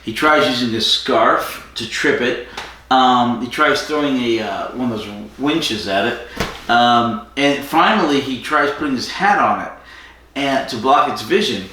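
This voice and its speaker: A man's voice: mid-range voice, measured pace, bright, forceful tone, slight background noise. A man co-hosting a podcast, rambling through a casual episode recap and acting out the characters' lines. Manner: rambling storyteller, acts out quotes. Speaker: podcast co-host. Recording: echoey room, distant from mic.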